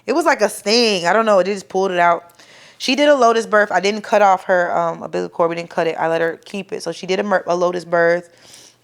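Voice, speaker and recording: A young woman telling the story of her home birth to the camera, casual and profane, acting out what people said loudly and growing soft and quiet when emotional. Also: fairly low pitch, quick pace, gravelly. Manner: animated, profane, acts out quoted voices loudly.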